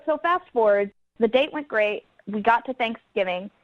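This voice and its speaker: A woman's voice: a little high, animated, normal speed, no room sound. A woman calling into a radio show, telling her story in a chatty, giggly way over the phone. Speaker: caller. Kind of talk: phone-in chat. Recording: dull phone-line sound.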